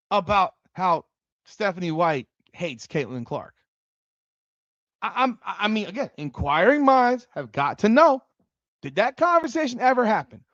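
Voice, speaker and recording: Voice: mid-range voice, no room sound. Sports ranter cussing a lot, voice leaping all over the place, dull dry lo-fi sound. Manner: profane, heated and animated. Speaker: sports commentary host. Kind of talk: ranting livestream commentary.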